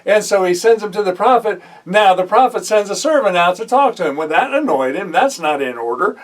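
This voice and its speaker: Brisk, with lively intonation and hardly any pauses, a high-pitched male Bible teacher reads scripture in a sermon and then stops to comment conversationally, often filling and correcting himself. He is far from the mic, and the recording is rough.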